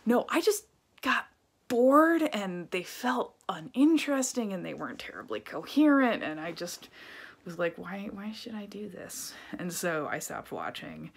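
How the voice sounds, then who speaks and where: Low-pitched woman vlogger, chatty and ranty, filler-heavy, casual delivery. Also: big pitch swings, a little slow, gravelly, breathy edge. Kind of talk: casual rambling review vlog.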